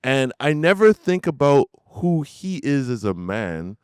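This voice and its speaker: A middle-aged man telling a story in casual podcast chat, animated and acting out the people in it. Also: medium pitch, a little slow, hardly any pauses, clear, resonant tone, no room sound, clean studio sound. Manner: animated storyteller, laughs and acts out voices. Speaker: podcast host.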